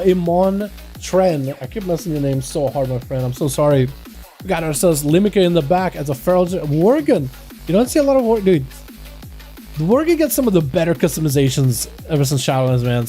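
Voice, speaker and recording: Over faint background music, this streamer's high voice keeps a gentle, mellow quality even at a brisk pace. He moves from easygoing chat with his audience into energetic, hyped play-by-play commentary on duels.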